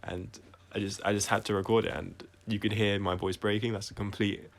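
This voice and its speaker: A man talking through his own songs on a casual livestream, reflective and halting, often restarting his sentences and trailing off quietly. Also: lowish voice, flat delivery, vocal fry. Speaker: singer-songwriter explaining his songs.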